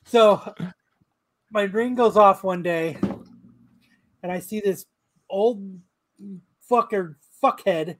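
Man with a high voice, foul-mouthed animated storyteller, podcast banter. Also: slow pace, pauses often, a little hiss or hum. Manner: profane, animated anecdote-telling. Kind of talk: casual podcast chat.

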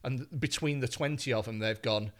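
A man, a comedian guest telling an anecdote in an animated, expletive-laden way on a podcast. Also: mid-range voice, moderate pace.

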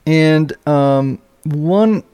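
A man hosting a podcast interview, thoughtful and halting as he speaks. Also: fairly high pitch, warm tone, smooth. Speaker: podcast host.

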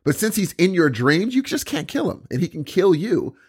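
A man's voice: high-pitched, very animated, moderate pace, darkish tone, slightly rough. A middle-aged man co-hosting a podcast in casual chat, joking and trailing off mid-sentence, a bit under the weather. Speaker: podcast co-host.

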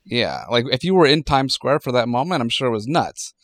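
A man co-hosts a casual podcast chat. He rambles wryly and leans on fillers like "like" and "you know". His voice sits at an ordinary pitch for a man. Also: sing-song, brisk, fairly bright tone, no echo, clean studio sound. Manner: rambling, filler-heavy, wry. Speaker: podcast co-host.

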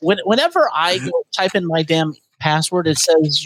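A man's voice: animated, moderate pace, fairly bright tone, low-quality recording. Exasperated man ranting on a podcast. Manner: ranting, exasperated, jumps to high emphatic pitch. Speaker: podcast host. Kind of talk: casual podcast chat.

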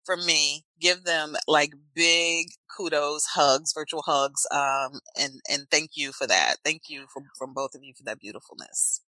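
A woman with a New Jersey accent chatting on a podcast as a guest, animated and playful. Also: sits low, unhurried, few pauses, no echo, low-quality recording. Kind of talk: casual podcast chat.

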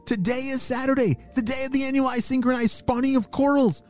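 A man's voice: very high-pitched, fairly even intonation, fairly quick, soft background music, voice pushed up. A man voicing an anxious young female lionfish, pleading and frantic.

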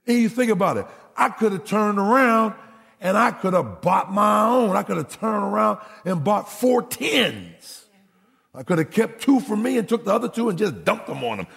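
A man preaching as a pastor, telling stories from his own family, who grows animated and nearly shouts at times. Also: sits high, measured pace, gravelly, husky, long reverb tail. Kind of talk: sermon storytelling.

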